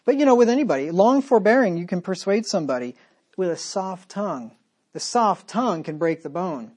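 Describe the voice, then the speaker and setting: A man's voice: sits high, animated, fairly quick, a little mellow. Emphatic male pastor preaching. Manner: emphatic, rhetorical questions to the listeners. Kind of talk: sermon.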